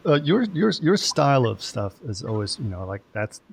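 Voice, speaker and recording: A man's voice: mid-range voice, sing-song, moderate pace, creaky, a little hiss or hum. A man hosting a podcast interview, talking casually with many restarts. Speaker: podcast host.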